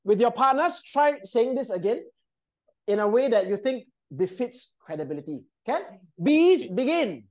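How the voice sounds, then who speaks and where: With a fairly high voice that swings widely in pitch, a female trainer leads a live presentation workshop at a moderate pace. Her tone is darkish. She gives the group in the training room upbeat instructions and often asks how they're getting on.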